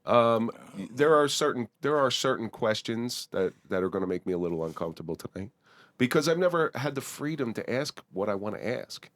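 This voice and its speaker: A man's voice: mid-range voice, expressive, a little fast, a bit bright, no room sound. A man hosting a podcast interview, curious and rambling, often restarting his sentences. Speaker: podcast host. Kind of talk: casual interview.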